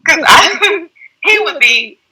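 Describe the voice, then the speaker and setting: A woman's voice: very high voice, lively intonation, takes it slowly, distant mic, over a noisy crowd, poor audio. A woman guest in a casual talk about marriage, telling a story playfully and laughing.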